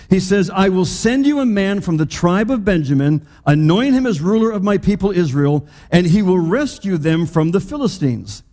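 A man preaching a sermon as pastor, talking conversationally and slowing down to stress the scripture he quotes. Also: high-pitched, a little mellow. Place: church hall. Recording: long reverb of a large hall.

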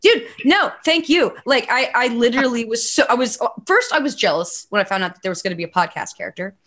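A woman's voice: on the high side, animated, quick pace, a bit bright. A young woman co-hosting a podcast, gushing in casual talk full of "like". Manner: gushing, filler-heavy talk with many "like"s. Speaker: podcast co-host. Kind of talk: casual interview chat.

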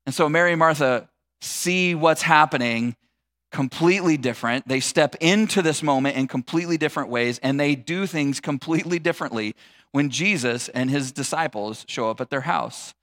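A man's voice: a little high, moderate pace, a bit bright. A male pastor preaching a conversational, humorous sermon that acts out scenes.

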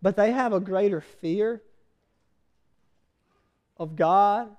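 Very high-voiced man preaching. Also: takes it slowly, muffled recording. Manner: animated, quizzes the listeners. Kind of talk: sermon storytelling.

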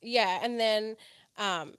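A woman's voice: mid-range voice, slow pace, a bit bright, clear, resonant tone. A woman in a casual podcast chat tells a long rambling story, full of "like" and swearing. Her voice sits mid-range and sounds close and dry, with no room echo. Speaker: podcast co-host.

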